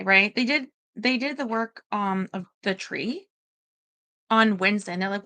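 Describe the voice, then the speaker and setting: A woman's voice: mid-range voice, normal speed, sharp tone. A woman rambling anxiously in casual livestream chat, talking straight to her viewers.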